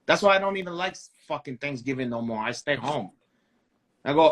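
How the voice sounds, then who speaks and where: A man's voice: on the high side, expressive, brisk, a bit bright. Profane man, broken English. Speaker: co-host. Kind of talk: comedic casual chat.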